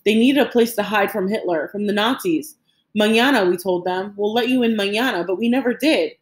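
A woman's voice: medium pitch, fairly quick, roomy sound, natural voice. A woman reading an audiobook voices an old Cuban grandfather who is haunted by guilt, speaking earnestly and with grief. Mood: anguished. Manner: earnest, pleading, grief-stricken.

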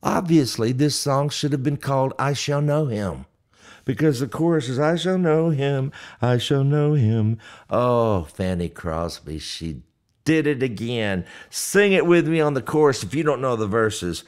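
A middle-aged man with a Texan accent, hoarse, hosting a folksy, joking livestream chat between hymns and reading viewer comments aloud. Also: medium pitch, expressive, moderate pace. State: hoarse, dry mouth. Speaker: gospel singer and livestream host. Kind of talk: casual livestream chat with hymn singing.

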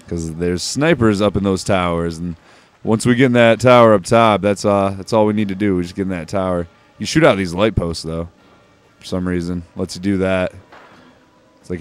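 A man giving casual, offhand let's-play commentary over a walkthrough, swearing freely and dropping wry jokes. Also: low-pitched. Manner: jokey, wry asides. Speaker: gameplay commentator.

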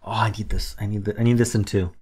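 A man's voice: fairly low pitch, level tone, quick pace, darkish tone, breathy edge. A young man casually thinking aloud while playing word puzzles, muttering guesses and mock-dramatically groaning at his mistakes. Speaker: word game streamer.

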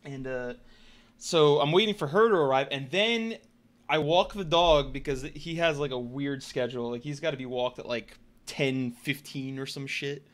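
A man streaming and telling a story to his chat in a casual, animated and profane way. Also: mid-range voice, normal speed. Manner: animated, profane, emphatic retelling.

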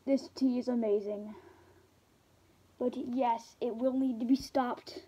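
A young woman playing Freddy, a calm tea-loving Briton, in a homemade skit. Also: fairly high pitch, slow pace, slightly rough. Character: calm sluggish British tea drinker Freddy.

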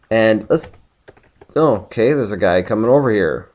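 A man's voice: mid-range voice, measured pace, darkish tone. A man hosting a casual video game playthrough, joking around and reading the game text aloud. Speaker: let's play host.

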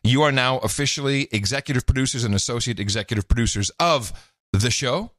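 A man's voice: medium pitch, fast talker, a bit bright, dry recording, studio quality. A man co-hosting a podcast, chatting and laughing in an upbeat way. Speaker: podcast co-host. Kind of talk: casual podcast chat.

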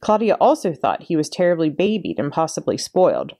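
A woman librarian reading a children's chapter book aloud in an expressive storytelling way. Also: low voice, fairly quick. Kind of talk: read-aloud storytime narration.

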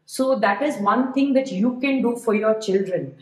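Higher-voiced woman podcast co-host giving advice. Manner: measured, explanatory, advice-giving. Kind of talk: casual podcast chat. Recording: echoey room.

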